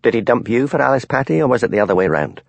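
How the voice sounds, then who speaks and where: A man voicing a male Highland village police constable who asks dry, probing questions. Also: sing-song, very fast, gravelly, husky, no room sound, exaggerated voice.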